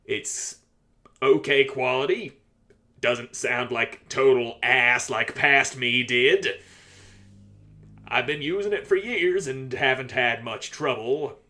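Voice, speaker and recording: A man reacts on camera to his own old footage. His voice is bright and forceful, his pace slow and deliberate, and he curses and mocks himself freely. He speaks into a USB desk microphone. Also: medium pitch. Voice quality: crude, self-mocking. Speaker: YouTuber. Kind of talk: reaction commentary. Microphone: USB desk mic.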